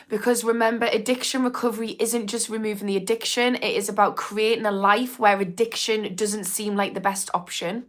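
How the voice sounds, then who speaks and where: Speaking at normal speed in a steady, slightly high voice, this young English woman with a Geordie accent works as an addiction therapist. She chats candidly on a livestream, reading comments aloud with plenty of swearing and laughter.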